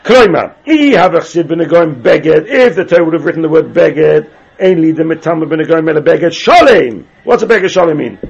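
A man's voice: on the high side, lively intonation, fairly quick, gravelly, breathy edge. A man teaching a Talmud class, chanting phrases in a sing-song way and repeating his questions to the students. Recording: dull lo-fi class recording.

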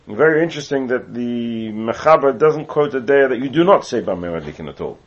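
This Torah lesson comes from a man from England who reads Hebrew text aloud and then explains it in English, adding asides, in the style of a Talmudic lecture. His mid-range voice is fairly quick with lively intonation. The recording is muffled and lo-fi.

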